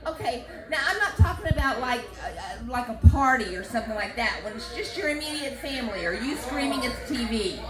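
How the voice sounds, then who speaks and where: A woman's voice: a little high, fairly quick, hardly any pauses, music in the background. A woman doing a chatty stand-up set, talking straight to the crowd in a comedy club. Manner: chatty, animated, talks to the crowd. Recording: roomy live club with crowd.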